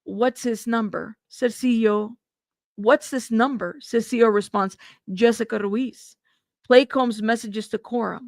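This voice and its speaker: On the high side and gravelly, this young host's voice stays fairly even and unhurried as she reads court updates during live news commentary, laughing and adding asides. The sound is clean studio audio with no room sound.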